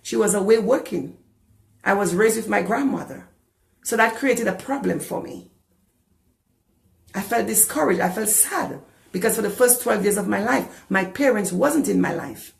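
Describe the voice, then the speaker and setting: A woman's voice: medium pitch, expressive, moderate pace, creaky, roomy sound. A woman from the Caribbean preaching a sermon as a pastor, passionate and repeating phrases for emphasis. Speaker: pastor and deliverance minister.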